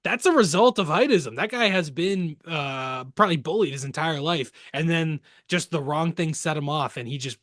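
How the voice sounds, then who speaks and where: A man co-hosting a podcast in casual chat, sarcastic and quick to swear, from the Boston area. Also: a little high, dry recording, clean studio sound. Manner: animated, sarcastic, swears freely. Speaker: podcast co-host.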